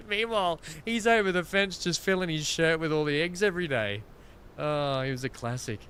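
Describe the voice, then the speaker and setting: A man's voice: a little high, normal speed, fairly bright tone, a little hiss or hum. An Australian man streaming a game, rambling through casual stories and laughing often. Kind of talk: casual chat while gaming.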